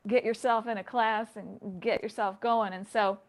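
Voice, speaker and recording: A middle-aged woman, a tai chi instructor, telling her story as a guest in a relaxed, reflective way with light laughs, calling in from a home basement. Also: mid-range voice, moderate pace. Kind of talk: remote interview, personal story.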